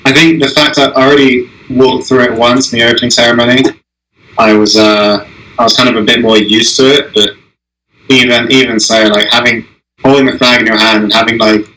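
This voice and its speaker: Halting young man, bright voice. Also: mid-range voice, flat delivery, slight background noise, poor audio. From Israel. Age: young adult. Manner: halting, many restarts and "I mean". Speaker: guest, Olympic alpine skier. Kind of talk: casual interview chat.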